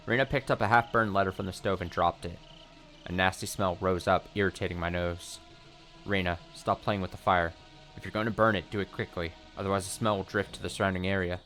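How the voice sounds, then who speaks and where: Man, very low voice, reading game text aloud, wry asides, faint music behind. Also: steady tone, a little fast, a bit bright. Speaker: let's play host. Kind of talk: reading a visual novel aloud.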